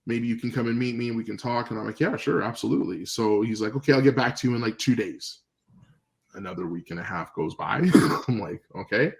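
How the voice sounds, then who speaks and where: A man from Canada, a podcast guest, telling stories in a relaxed, rambling way with fillers, acting out old phone calls. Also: medium pitch, brisk, vocal fry, rough recording. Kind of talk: casual storytelling interview.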